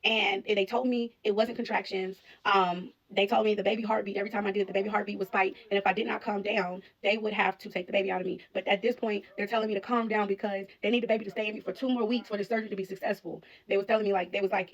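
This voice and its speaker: Gravelly woman telling her own story. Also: medium pitch, fairly even intonation, fast. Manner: candid, earnest retelling with frequent "like" fillers. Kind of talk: personal storytelling vlog. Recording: dull lo-fi recording.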